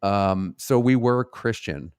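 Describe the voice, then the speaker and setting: A man with a very low voice hosts a casual live Q&A, reading out viewers' questions and answering them. He talks bluntly and swears freely, wandering through his points. The sound is dry and close. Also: animated, slow, clean tone, no room sound. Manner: blunt, rambling and profane.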